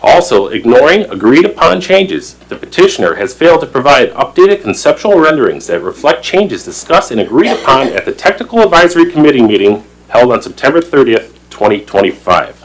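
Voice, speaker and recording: Husky man reading a formal statement. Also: mid-range voice, very animated, fairly quick, hardly any pauses, low-quality recording. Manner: formal, emphatic, stumbles over words now and then. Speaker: plan commission member. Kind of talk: reading a prepared statement at a public meeting. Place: town meeting room.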